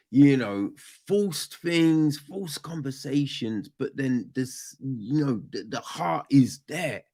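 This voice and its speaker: Man, podcast film review, lively swooping pitch, unhurried, swears a lot. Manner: animated, profane, rambling, with sudden loud outbursts. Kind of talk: casual film review monologue.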